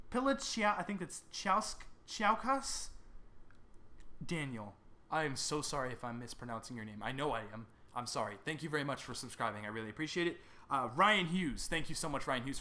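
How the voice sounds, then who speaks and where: A man's voice: a little high, sharp tone. A young man, a YouTuber, reading out and thanking his subscribers in a casual vlog, stumbling over names and apologizing.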